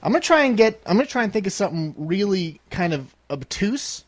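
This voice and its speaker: A young man with a high voice co-hosts a casual podcast, his pitch leaping around as he jokes and teases. The sound is dry and close, with no room around it. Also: big pitch swings, brisk, dry recording. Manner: joking, playful, throat-clearing. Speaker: podcast co-host.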